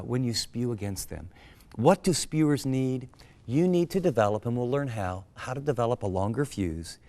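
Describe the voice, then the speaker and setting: Man, pastor, middle-aged, earnest conversational teaching, slightly low voice. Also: darkish tone. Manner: earnest, conversational, with acted-out examples. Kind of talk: sermon-style teaching.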